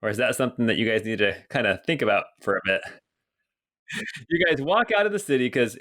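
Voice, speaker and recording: A man narrating as game master of a tabletop game, relaxed and rambling with many ums. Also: mid-range voice, fairly quick.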